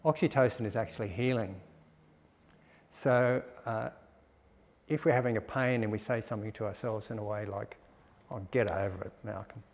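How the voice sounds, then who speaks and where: Man with a gravelly voice giving a dharma talk. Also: lowish voice, moderate pace, pauses often. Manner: gentle, explanatory, with soft laughs. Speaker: dharma teacher. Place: meditation centre hall. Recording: long hall reverb.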